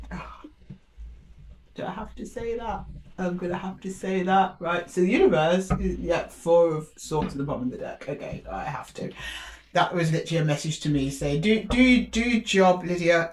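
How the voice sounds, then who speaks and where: A woman giving a casual tarot reading, chatty and playful, laughing often and putting on quick voices for the universe. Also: on the low side, darkish tone. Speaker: tarot reader.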